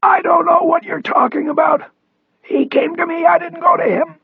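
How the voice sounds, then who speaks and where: A man voicing a paralyzed older male ex-cop with a raspy, straining voice, crying out high and strained. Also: steady tone, moderate pace, dry recording, phone-quality sound. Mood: defiant. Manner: high strained cries and shouts.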